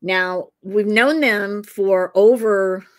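A woman's voice: medium pitch, slow. Rambling woman psychic detective on a call. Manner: rambling, circling back with fillers. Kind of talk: casual interview storytelling. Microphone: video call.

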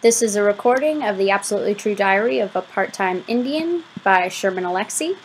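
A woman reading a novel aloud as an audiobook, giving the first-person narration a lively, expressive delivery. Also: medium pitch, a little fast, slight background noise, low-quality recording. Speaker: audiobook reader.

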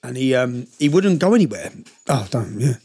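A man's voice: medium pitch, expressive, a little fast, dark tone, husky. A middle-aged man telling personal stories as a podcast guest, emotional and blunt, swearing often. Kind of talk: candid personal storytelling.

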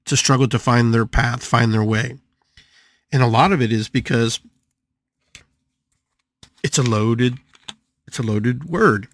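Older guy doing a live podcast talk, animated, repeats himself a lot, pitch jumping all over, dry sound. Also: a little slow, long pauses, no echo. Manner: animated, repeats phrases, wide pitch swings. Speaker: podcast host and shamanic healer.

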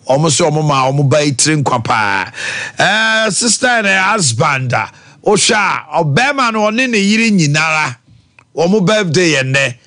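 A man with a Ghanaian accent hosting a radio show, reading birthday shout-outs and discussing politics in a studio. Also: fairly high pitch. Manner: rapid list of names, bursts into sung greetings.

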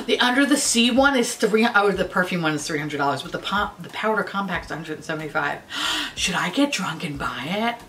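Woman, beauty vlogger, casual profane chat, lively pitch. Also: moderate pace, slight background noise. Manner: profane, animated and bubbly. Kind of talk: casual makeup review chat.

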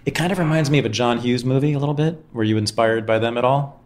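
A man's voice: medium pitch, fast talker, a little hiss or hum. A man hosting a podcast interview, playfully teasing his guest in a casual chat. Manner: teasing, playful back-and-forth. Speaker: podcast host.

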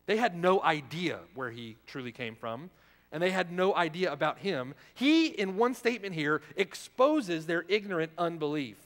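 Male pastor, sermon, pitched a bit high, punchy rhetorical questions, long church reverb. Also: expressive, normal speed. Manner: emphatic, rhetorical questions, swings from loud to hushed. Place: church sanctuary.

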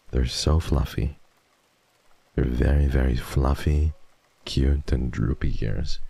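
Young male streamer, very low and warm, close dry mic, repetitive and affectionate. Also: no room sound. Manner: rambling, repeats himself, soft and affectionate about dogs. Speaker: streamer host. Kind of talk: casual livestream chat.

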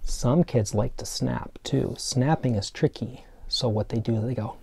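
A man teaching preschool children remotely, explaining step by step in a gentle, playful way. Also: medium pitch, measured pace, gravelly, background noise. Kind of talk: remote lesson for young children.

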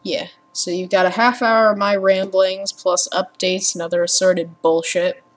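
A woman's voice: mid-range voice, level tone, moderate pace. A young woman rambling casually as a gaming vlogger at her home computer, sarcastic and prone to swearing and ranting. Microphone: computer mic with headphones.

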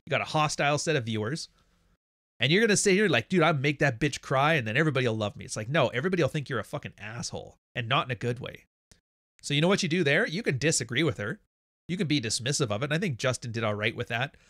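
A man's voice: mid-range voice, fast talker, dry recording, clean studio sound. Blunt, profane male livestream host. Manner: blunt, profane, animated storytelling. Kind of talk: casual livestream monologue.

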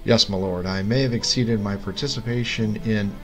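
A man's voice: fairly low pitch, steady tone, moderate pace, close to an everyday voice. A man voicing a meek, humble cleric who speaks deferentially to his king, with music behind. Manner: deferential and quiet.

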